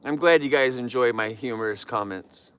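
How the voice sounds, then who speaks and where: Chatting live with viewers from his yard, this host keeps things playful and full of jokes. He speaks at normal speed in a medium-pitched voice that sounds clean and slightly bright.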